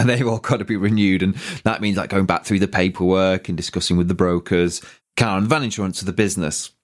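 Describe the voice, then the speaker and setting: A British man with a husky voice hosting a podcast, giving a relaxed, rambling business update full of "sort of" fillers. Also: fairly low pitch. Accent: British English. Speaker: podcast host, property business owner. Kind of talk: casual business update monologue.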